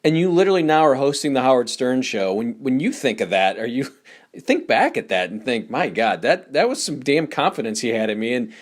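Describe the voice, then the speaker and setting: A man at a middle pitch asks a guest casual questions. He often stops and restarts his sentences as he works out what to ask. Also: very animated, fairly quick. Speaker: interviewer.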